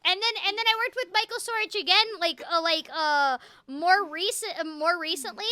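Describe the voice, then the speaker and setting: Bright, high-voiced bubbly young woman. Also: normal speed, hardly any pauses, no echo. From Seattle. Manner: bubbly, jumping between topics, laughing often. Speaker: host, voice actor. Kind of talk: casual conversation.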